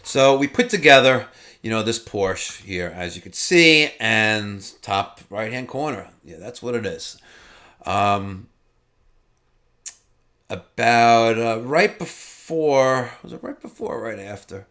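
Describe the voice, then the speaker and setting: A man's voice: medium pitch, lively intonation, slow pace, bright, forceful tone. A man hosting a car vlog, telling his story in a chatty, rambling way and repeating words as he goes. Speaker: car vlogger.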